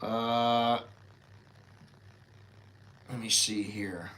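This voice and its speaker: A man's voice: fairly low pitch, little pitch movement, very slow, a bit bright. An older American man who is a vlogger, talking in a rambling, chatty, unscripted way and thinking aloud as he goes. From United States. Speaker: vlogger living in Thailand. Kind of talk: casual unscripted monologue.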